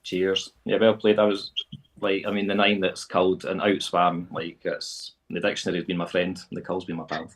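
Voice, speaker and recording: A man, a quiz contestant, chatting in a relaxed, laid-back way on a video call. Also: low-pitched, normal speed. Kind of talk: casual chat on a call.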